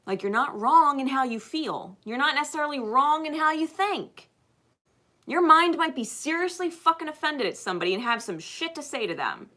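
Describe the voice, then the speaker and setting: Bright, blunt, profane woman. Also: high-pitched, lively intonation, normal speed. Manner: blunt and profane, swings from loud to hushed. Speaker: spiritual channel host. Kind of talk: spiritual advice monologue.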